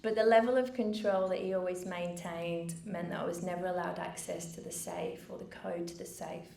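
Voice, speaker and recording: A middle-aged woman giving a personal speech from a stage, earnest and measured with dry asides. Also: on the low side, steady tone, vocal fry, warm tone. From United Kingdom. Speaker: founder giving a keynote speech. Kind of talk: personal story told from a stage. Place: event venue with a live audience. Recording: roomy venue, faint background noise.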